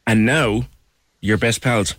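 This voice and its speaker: A man's voice: medium pitch, slow, fairly bright tone, no room sound, studio quality. A man hosting a radio interview, prompting and recapping his guest's story. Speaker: radio host.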